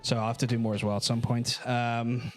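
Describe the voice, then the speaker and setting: A man's voice: medium pitch, little pitch movement, a little fast, soft background music. A man with a Northern Irish accent co-hosting a live talk show, chatting casually, rambling and swearing as he searches for words. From Northern Ireland. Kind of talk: casual chat.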